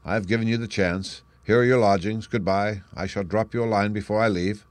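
A man voicing a confident male detective in an audiobook, crisp and brisk, pitching his voice up and speaking louder for the role. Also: fairly even intonation, dry recording, close to an everyday voice. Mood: cool. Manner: brisk, crisp, declaiming deductions. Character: sharp, confident male detective, lively and assured. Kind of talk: audiobook character reading.

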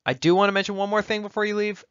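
A man's voice: high-pitched, flat delivery, rapid-fire, fairly bright tone, smooth, no room sound, muffled recording. A male university lecturer giving a recorded lecture in a conversational way, often checking in with tag questions.

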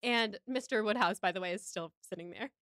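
A woman's voice: medium pitch, a little fast, a bit bright, no echo, studio quality. A woman hosting a podcast, recapping a film in casual chat with a wry, joking manner. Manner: chatty, wry, acts out quotes. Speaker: podcast host.

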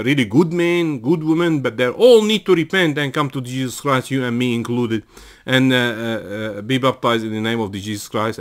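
Earnest preaching man, halting delivery. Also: medium pitch. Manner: earnest preaching with frequent fillers and restarts, rising to emphatic calls. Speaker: pastor. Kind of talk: sermon.

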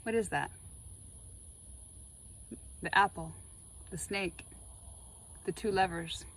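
Chatty, excitable woman reading tarot cards. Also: on the low side, takes it slowly, slightly rough, low-quality recording. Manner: chatty and excitable, with spiritual musings. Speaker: tarot reader. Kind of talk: casual chat while laying tarot cards.

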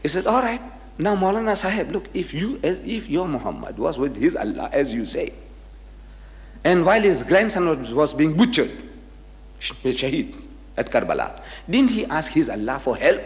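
A man delivers a public lecture in a slightly high voice at normal speed, telling anecdotes as an animated storyteller who acts out the quoted dialogue. The hall gives the recording an echoey reverb.

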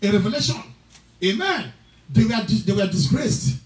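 High-pitched preacher man chanting prayers, echoey room, soft music behind. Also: very animated, moderate pace. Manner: fervent, chanting prayers and declarations; speaks in tongues between prayers. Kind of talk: sermon and prayer. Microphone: livestream.

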